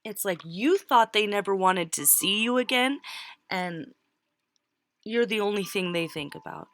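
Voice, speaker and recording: A woman talks through a tarot spread in a loose, conversational way. She laughs easily and often cuts off a word to start it again. Her voice sits at an ordinary middle pitch for a woman. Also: a little slow, fairly bright tone. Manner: chatty, laughs easily, breaks off mid-word. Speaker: tarot reader. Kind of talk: casual tarot reading.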